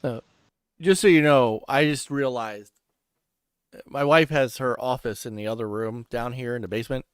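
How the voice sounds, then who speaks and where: A man's voice: mid-range voice, normal speed, clear, resonant tone, no echo, studio quality. A man hosting a casual gaming podcast from his home basement, laughing often and getting flustered. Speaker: podcast host.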